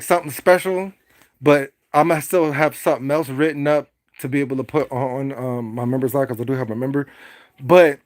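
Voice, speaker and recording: A man hosts a casual livestream, talking animatedly and preachily to his chat and often stuttering on repeated words. His voice sits high, and the sound is clean studio quality with no echo.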